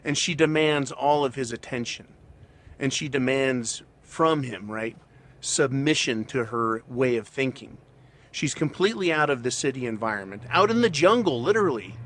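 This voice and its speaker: A man's voice: medium pitch, normal speed, a bit bright. A man casually retelling a film plot in a rambling, opinionated way, often tagging his sentences with "right?". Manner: rambling, tags lines with "right?". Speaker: channel host.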